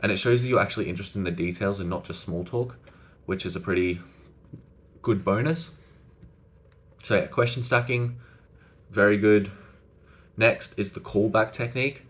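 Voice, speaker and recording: A man's voice: fairly low pitch, moderate pace, pauses often, a bit bright. A young man giving social-skills advice in a loose, conversational way, full of "like" fillers and restarts. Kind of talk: casual to-camera advice talk.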